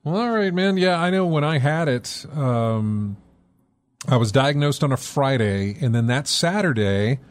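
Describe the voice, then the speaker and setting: A man's voice: medium pitch, lively intonation, no room sound, clean studio sound. Friendly man hosting a call-in show. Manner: friendly, quick affirmations. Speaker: host. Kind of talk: casual chat with callers.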